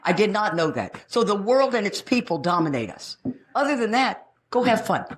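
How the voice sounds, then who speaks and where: A woman's voice: mid-range voice, very animated, normal speed. A middle-aged woman giving a recovery talk, brash and joking, acting out the people she quotes. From Texas. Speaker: recovery meeting speaker. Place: meeting room.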